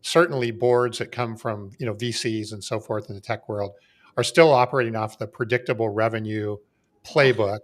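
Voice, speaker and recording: A man's voice: lowish voice, steady tone, normal speed. A man hosting a podcast interview, building up to his question in a long, rambling way with frequent restarts. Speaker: podcast host.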